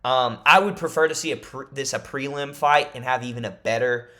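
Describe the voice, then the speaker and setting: A man talking to camera in a casual fight-prediction vlog, rambling like an animated fan and jokingly insisting his made-up leaks are real. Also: medium pitch, fairly quick. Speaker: MMA YouTuber.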